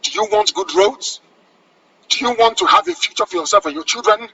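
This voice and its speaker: A man's voice: high voice, big pitch swings, a little fast, sharp tone, lo-fi sound, slight background noise. A man with a Nigerian accent giving an impassioned radio address, commanding and fervent, repeating phrases for emphasis. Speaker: radio broadcaster.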